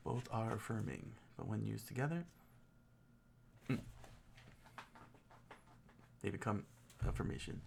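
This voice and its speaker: A man's voice: fairly low pitch, normal speed, vocal fry, long pauses. A man hosting a casual study stream, thinking aloud as he sounds out phrases and chuckles often. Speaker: host studying Japanese.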